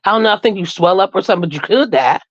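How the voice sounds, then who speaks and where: A woman's voice: mid-range voice, expressive, very fast, dry recording, lo-fi sound. Frank, laughing woman telling a story. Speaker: co-host. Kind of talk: casual chat on a live stream.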